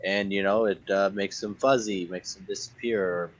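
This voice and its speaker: A man co-hosting a live stream, relaxed and musing as he explains his ideas at length. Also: sits low, normal speed, highs cut off, slight background noise. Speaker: co-host of a live paranormal show. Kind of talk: casual live-stream chat.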